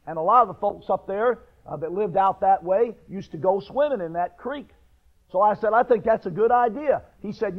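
A middle-aged pastor from northern New York, praying and then telling a homespun story in a sermon, building up to raised emphasis. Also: male voice, sits high. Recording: tinny phone-like radio recording.

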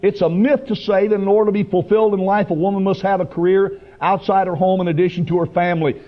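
A man preaching a sermon with fervent, emphatic delivery that rises to loud bursts. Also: sits high, level tone, fast, hardly any pauses. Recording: dull lo-fi broadcast recording.

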